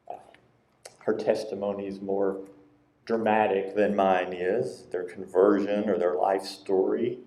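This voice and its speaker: Low-voiced pastor preaching in a roomy church. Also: male voice, normal speed. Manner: conversational, acts out quotes in a lively higher voice. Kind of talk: sermon. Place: church sanctuary. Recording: roomy church sanctuary sound.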